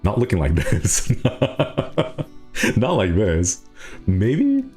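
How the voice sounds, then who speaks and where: A young man with a low voice, huge pitch swings and a darkish tone streams very slowly, casually reading and chatting about viewer comments. He rambles, laughs often, and is full of fillers and restarts, with faint music playing behind him.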